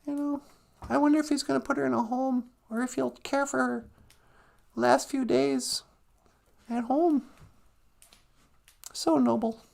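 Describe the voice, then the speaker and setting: High, gravelly woman hosting comic chat. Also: fairly even intonation, unhurried, pauses often, darkish tone. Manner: mock-earnest and sarcastic, with solemn mock prayers. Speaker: host. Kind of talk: comic live-stream chat.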